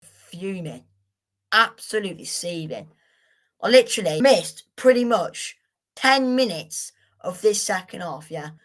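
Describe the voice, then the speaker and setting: A woman's voice: medium pitch, expressive, measured pace. A young woman hosting a live football watchalong, chatting to viewers in a frustrated, sweary way. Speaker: watchalong host.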